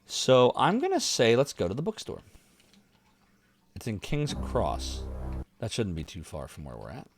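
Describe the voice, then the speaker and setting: A man's voice: mid-range voice, huge pitch swings, measured pace, pauses often, husky, faint music behind. A man giving casual, jokey let's-play commentary as streamer, often quoting comedy lines.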